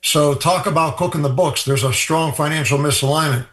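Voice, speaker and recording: A man's voice: on the high side, brisk, fairly bright tone, echoey room. Matter-of-fact man explaining healthcare costs. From Ireland. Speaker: healthcare cost guest. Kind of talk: radio interview guest.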